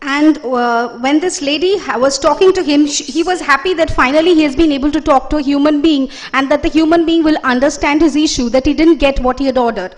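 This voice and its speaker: High-voiced woman lecturing. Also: brisk, few pauses. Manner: explanatory, with frequent fillers and self-corrections. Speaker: lecturer speaking at a conference. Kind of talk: conference presentation.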